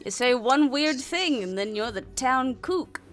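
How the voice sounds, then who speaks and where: A woman's voice: high voice, animated, unhurried, fairly bright tone. A woman voicing an eccentric elderly male turtle shopkeeper who rambles a little and gets a bit defensive about being called the town crank. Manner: rambling, slightly defensive, talks of himself as the town kook.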